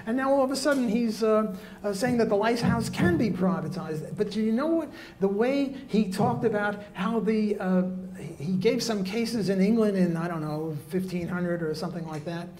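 A man's voice: high voice, normal speed, a little mellow, faint music behind. A man giving a live economics lecture, blunt and jokey, with many fillers and restarts.

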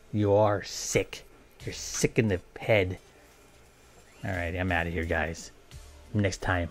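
A man's voice: on the low side, lively intonation, slow pace, pauses often, a little mellow, soft background music. A man casually commentating a video game, joking and talking playfully to the characters. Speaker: gameplay commentator.

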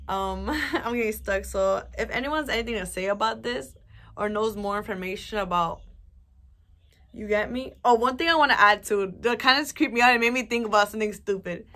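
A young woman vlogger telling a personal story in a casual, rambling way, full of fillers and swearing. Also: on the high side. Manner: rambling, animated, swears a lot, many fillers.

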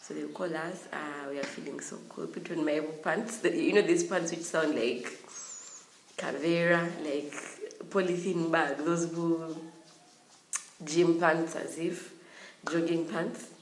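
A young woman telling a storytime vlog in a lively way, giggling often. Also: low-pitched, slow pace, a little hiss or hum. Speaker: vlogger. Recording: roomy room echo.

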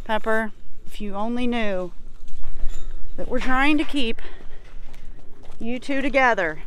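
High, bright-voiced Oklahoma woman outdoors. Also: slow, slight background noise, rough recording. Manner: nervous, talks to the animals. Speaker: homesteader filming her farm. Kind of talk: casual farm vlog. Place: outdoors at a cattle pen.

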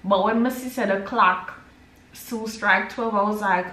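A woman's voice: mid-range voice, unhurried, fairly bright tone. A young Jamaican woman chatting casually to her vlog audience at home, switching between patois and English. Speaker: vlogger. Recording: roomy echo.

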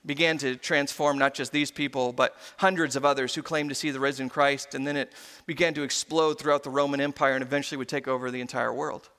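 Pastor guy preaching in a church, bright voice, acts out the people he quotes. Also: mid-range voice, little pitch movement, quick pace, few pauses. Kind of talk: sermon. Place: church sanctuary. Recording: long hall reverb.

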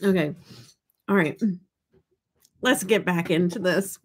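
A woman's voice: lowish voice, slow, slightly rough. A middle-aged woman hosting a live stream in giggly casual chat. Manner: giggly, chatty.

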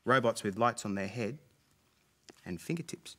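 A man's voice: lowish voice, normal speed, slight background noise. A man presenting a children's show, reading a rhyming story and singing with playful robot beeps. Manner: playful, sing-song, beeping robot noises. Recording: loud music bed behind voice.

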